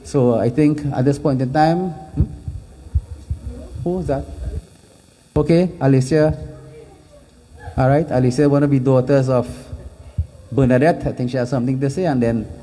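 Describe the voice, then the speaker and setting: A man's voice: mid-range voice, normal speed, pauses often, dark tone, slight background noise. A man leading a temple celebration, making rambling, informal announcements and birthday wishes. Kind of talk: hosting a religious gathering. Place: temple hall.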